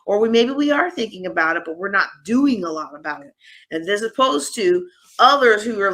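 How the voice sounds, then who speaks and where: A woman giving a lively live conference workshop, teasing her audience with sarcasm. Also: medium pitch, brisk. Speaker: host and workshop speaker. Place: conference room.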